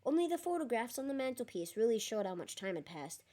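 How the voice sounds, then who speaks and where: A woman reading a novel aloud in a lively way, breaking off for chatty, joking asides. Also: a little high, fast talker. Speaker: reader.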